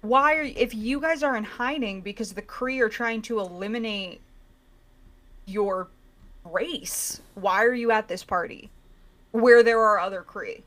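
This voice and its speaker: A woman in casual podcast chat, ranting with animated exasperation. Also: fairly high pitch, unhurried.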